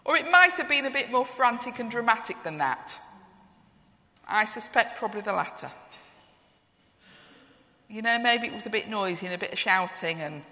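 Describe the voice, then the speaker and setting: A woman's voice: on the high side, expressive, normal speed, pauses often, pushed and bright. A woman preaching a sermon. She reflects on her theme and asks the congregation questions. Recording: long reverb of a church hall.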